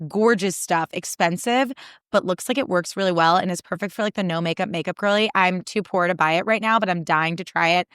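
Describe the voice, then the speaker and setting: A young woman hosts her podcast, rattling off stories with a casual, exasperated edge and plenty of "like." Her voice is smooth and clear at a middling pitch. The sound is close and dry. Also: brisk, a bit bright, no room sound. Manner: chatty, exasperated, acts out quoted people in funny voices; heavy use of "like" as filler. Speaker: podcast host. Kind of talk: casual storytelling monologue.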